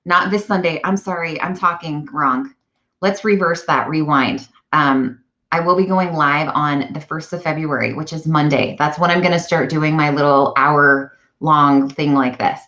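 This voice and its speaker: Chatty woman live-streaming, low voice. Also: unhurried. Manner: chatty, animated, self-correcting. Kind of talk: casual live-stream chat. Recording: dull lo-fi live-stream audio.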